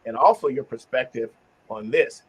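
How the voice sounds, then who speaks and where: The man hosting this casual group discussion reflects earnestly on self-reflection and turns animated when acting out examples. He has a husky, medium-pitched voice and a moderate pace.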